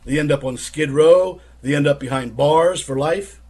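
A man delivers critical religious commentary in a husky, fairly high voice. He argues insistently and presses his point with rhetorical questions. The delivery is combative and direct. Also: normal speed, darkish tone.

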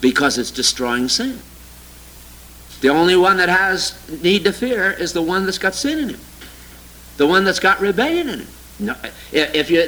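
High, sharp-voiced sarcastic male preacher. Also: low-quality recording. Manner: sarcastic, mocking; animated, swinging from loud exclamations to low asides. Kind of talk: sermon with scripture reading.

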